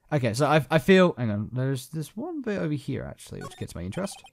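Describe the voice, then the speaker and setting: A man's voice: mid-range voice, sing-song, fairly quick, slight background noise. A man casually commenting on a game playthrough, reading its text aloud and making fun of himself as he goes. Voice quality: casual, rambling, self-mocking. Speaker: gaming YouTuber.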